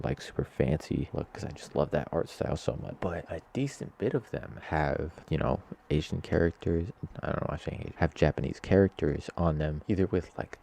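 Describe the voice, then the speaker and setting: A man's voice: rumbling low, creaky, mellow. A young man hosting his own podcast, rambling casually and bluntly about his opinions, apologizing as he goes. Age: young adult. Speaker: podcast host. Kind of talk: casual solo podcast rant.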